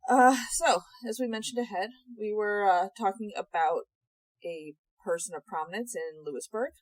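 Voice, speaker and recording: A young woman co-hosting a casual podcast chat, animated and sarcastic, swearing freely. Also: mid-range voice, moderate pace, no room sound, low-quality recording. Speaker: podcast co-host.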